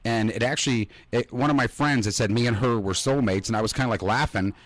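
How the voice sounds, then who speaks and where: A man's voice: mid-range voice, fast, dry recording. A man co-hosting a casual radio talk show, joking sarcastically and swearing. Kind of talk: casual chat.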